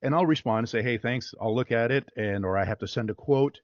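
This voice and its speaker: A voice-over artist talking casually in an interview, upbeat and rambling with plenty of fillers. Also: male voice, medium pitch, brisk, dry recording, dull audio.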